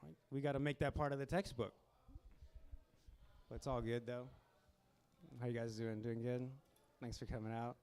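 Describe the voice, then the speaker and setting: A young man on a handheld mic in a small comedy club, riffing through a stand-up set. His voice sits in an ordinary middle register, and his delivery is loose and casual, with deadpan asides and quick acted-out bits of other people. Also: medium pitch, clean tone.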